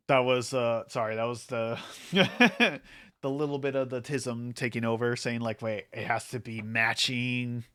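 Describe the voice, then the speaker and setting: Male streamer, bright crisp voice, rambly filler-heavy chatter, a bit wired. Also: mid-range voice, steady tone, a little slow. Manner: rambling with many fillers, laughs often. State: hyper from an energy drink. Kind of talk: casual livestream chat.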